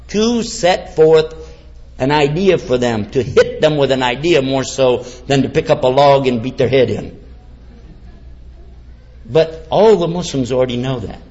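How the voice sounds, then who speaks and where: A man preaching to a live audience, animated and quizzing them with questions and jokes. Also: a little high, normal speed, breathy edge. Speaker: Islamic preacher. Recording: dull lo-fi sound.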